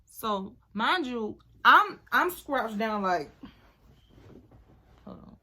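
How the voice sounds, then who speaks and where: Chatty young woman with a bright voice. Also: fairly high pitch, very slow. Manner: chatty, animated, talks to viewers as "girl". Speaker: beauty vlogger. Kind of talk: casual storytime chat.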